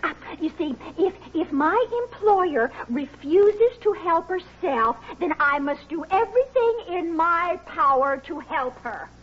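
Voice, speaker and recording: A flustered prim secretary. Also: female voice, very high-pitched, animated, measured pace, hardly any pauses, muffled recording. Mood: fretful. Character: fussy devoted middle-aged secretary. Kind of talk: 1980s sitcom acting.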